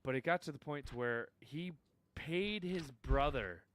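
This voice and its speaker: A man telling a story in casual gaming chat, animated and swearing freely. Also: fairly high pitch, measured pace, no echo.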